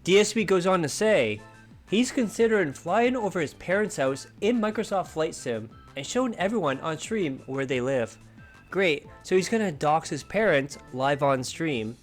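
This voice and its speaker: Male commentary host, slightly high voice, sarcastic narration over soft music. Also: expressive, moderate pace. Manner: dry, mocking narration.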